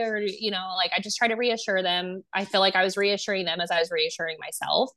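She talks a little fast with hardly any pauses, her mid-range voice steady and a bit bright. As a guest, the young woman relates a personal anecdote casually, packed with fillers and dialogue she acts out.

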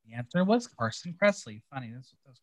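A man co-hosting a podcast, chatting casually and reading out answers with wry, quick reactions. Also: medium pitch, sing-song, no echo. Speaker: podcast co-host. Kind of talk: casual recap chat.

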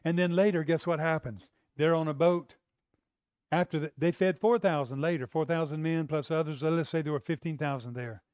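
A man's voice: fairly high pitch, a little fast, darkish tone, clear, resonant tone, no room sound, clean studio sound. A man preaching a sermon in a conversational way, asking the congregation rhetorical questions.

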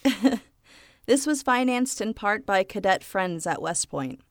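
A woman's voice: mid-range voice, big pitch swings, unhurried. A woman co-hosting a podcast, reading from notes and laughing easily. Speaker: podcast co-host. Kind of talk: reading notes in casual chat.

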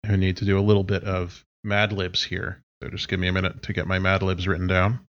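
A man acting as game master, explaining rules and setting up a tabletop game in a relaxed way. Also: sits low, brisk, dull audio.

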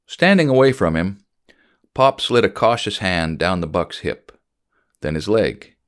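A man reading a story aloud in a measured, storytelling voice. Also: lowish voice. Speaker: narrator. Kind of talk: audiobook narration of a memoir-style story.

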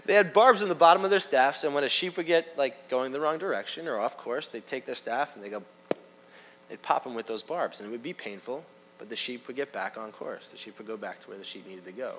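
A man preaching a sermon in a conversational way, talking straight to the congregation and swinging from loud emphasis to hushed asides. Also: medium pitch, fairly quick, slight background noise. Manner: conversational, addresses the congregation directly. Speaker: pastor.

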